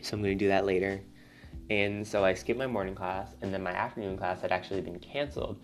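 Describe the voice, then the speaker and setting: A young man, a college student, venting in a rambling, casual monologue, swearing often and getting louder as he gets worked up. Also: low-pitched, steady tone, fast, faint music behind. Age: young adult. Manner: rambling, swears a lot, voice climbs when riled up.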